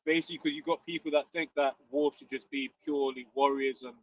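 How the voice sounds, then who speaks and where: A man's voice: on the high side, fairly even intonation, fast, a little hiss or hum. A man in casual chat, hesitant and searching for his words. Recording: distant mic.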